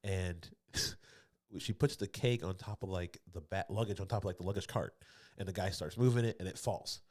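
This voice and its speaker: At a normal speed and with a slightly mellow tone, a low-voiced man co-hosts a comedy podcast. He tells a rambling tale full of laughs and restarts, acting out the voices of others, recorded on a podcast studio mic.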